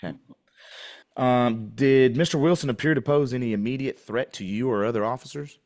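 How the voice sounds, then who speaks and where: A man's voice: medium pitch, a little fast, a little mellow. Man pressing pointed deposition questions. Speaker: plaintiff questioning an officer in a deposition.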